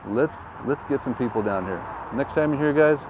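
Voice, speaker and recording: A man's voice: medium pitch, expressive, moderate pace. A man giving a casual, joking street tour, talking while moving outdoors into a wind-muffled mic. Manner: upbeat, joking, rambling asides. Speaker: real estate agent giving a town tour. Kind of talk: casual chatty tour commentary. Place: outdoors on a town street, riding through. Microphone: wind-muffled mic with windsock. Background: faint wind and street traffic.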